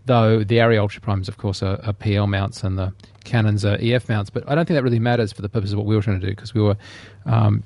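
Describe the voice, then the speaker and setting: Low-voiced podcast co-host, dry close mic. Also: male voice, gravelly, a little mellow, no room sound. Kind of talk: casual chat.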